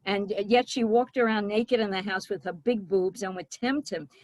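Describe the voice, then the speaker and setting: An older woman doing stand-up comedy, telling stories about her family in a brash, deadpan way and slipping into exaggerated voices for the people she quotes. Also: medium pitch, normal speed, no room sound. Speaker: stand-up comic. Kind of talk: stand-up storytelling.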